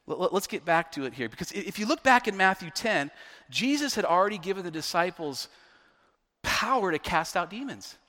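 A male pastor preaches in a bright, high voice that swoops up and down, pressing each point hard and repeating words as he climbs toward a near-shout. His sermon rings out with the long reverb of a large hall.

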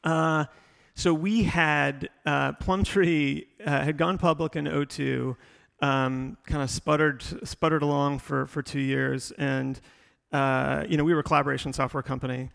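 A man's voice: on the high side, steady tone, a little slow, gravelly, a bit bright, long reverb tail. A middle-aged man, a tech executive, telling his story in a rambling way full of fillers and restarts during a live interview on stage. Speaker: tech company executive guest.

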